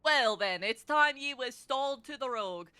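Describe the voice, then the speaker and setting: A woman's voice: high-pitched, animated, normal speed, pushed and bright, clean tone, dry recording. A woman voicing a swaggering male rogue guildmaster, reading game dialogue aloud in a thick put-on Scottish-style accent. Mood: lecturing.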